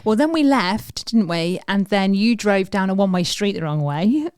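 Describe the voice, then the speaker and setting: A woman in her forties with an English Midlands accent, co-hosting a podcast and telling animated stories full of acted-out quotes. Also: mid-range voice, normal speed, smooth, no echo, clean studio sound. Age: 40s. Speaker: podcast co-host. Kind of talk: casual chat.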